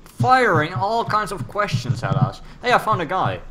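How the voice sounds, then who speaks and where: A man's voice: high voice, normal speed. Playful man gaming. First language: Dutch. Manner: playful, excitable, jokey. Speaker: gamer. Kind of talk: casual gameplay chat. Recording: clear background noise.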